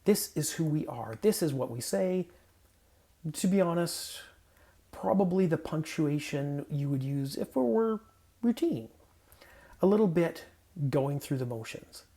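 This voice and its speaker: A man's voice: a little high, dark tone. A man, a pastor, reading scripture and then giving a casual, conversational sermon in a playful manner with self-corrections, recorded in a home guest room.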